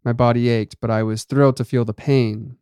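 A man narrating a first-person story in a measured, dramatic reading. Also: mid-range voice, little pitch movement, mellow, smooth, no room sound, clean studio sound.

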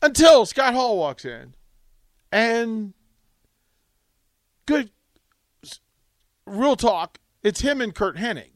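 A man hosting a radio talk show, telling a rambling, animated anecdote full of restarts, in a studio on a close mic. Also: extremely high pitch, takes it slowly, long pauses, no room sound. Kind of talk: casual radio storytelling.

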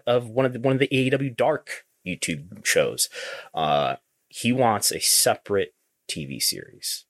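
A man's voice: medium pitch, dry recording, studio quality. A man hosting a business podcast, talking casually and thinking aloud, often restarting his sentences. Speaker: podcast host.

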